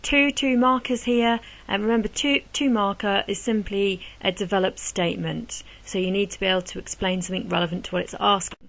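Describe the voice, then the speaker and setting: A woman history teacher giving an exam revision lesson, explaining answers step by step in a brisk, encouraging way. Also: mid-range voice, poor audio.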